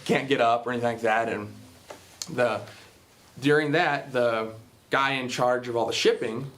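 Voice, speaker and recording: A man talks to a Bible class in a loose, rambling way, retelling a film before drawing a spiritual lesson from it. His voice sits at an ordinary middle pitch. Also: moderate pace, fairly bright tone, slight background noise. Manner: rambling, many fillers and restarts. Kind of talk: casual retelling of a film with a moral.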